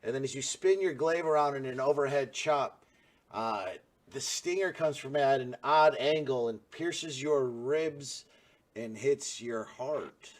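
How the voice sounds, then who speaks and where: A man's voice: mid-range voice, unhurried. A man working as game master, narrating a tabletop game in a loose, rambling way with many fillers.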